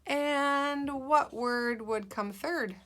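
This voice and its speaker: Speaking very slowly in a high, somewhat bright voice, a female teacher leads young kids in guided reading, sounding out letters and words with patience and encouragement.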